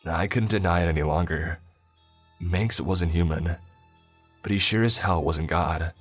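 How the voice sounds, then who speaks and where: A man narrating a first-person story in a measured storytelling delivery. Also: low-pitched, faint music behind.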